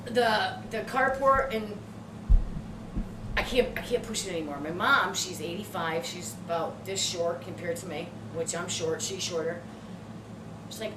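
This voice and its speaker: A middle-aged woman co-hosting a podcast and telling a story in casual chat, expressive and quick to laugh. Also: fairly low pitch. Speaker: podcast co-host. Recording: echoey room, distant mic, noisy background.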